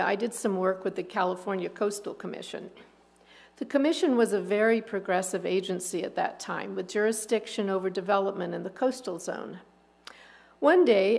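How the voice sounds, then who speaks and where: Gravelly-voiced woman telling a story. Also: medium pitch. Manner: plain, steady storytelling. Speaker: lay presenter. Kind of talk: sermon anecdote. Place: congregation fellowship service.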